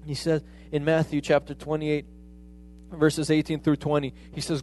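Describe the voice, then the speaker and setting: A man's voice: on the high side, completely flat delivery, normal speed, darkish tone, a little hiss or hum. A man preaching a sermon in a conversational way, often retelling conversations as quoted dialogue.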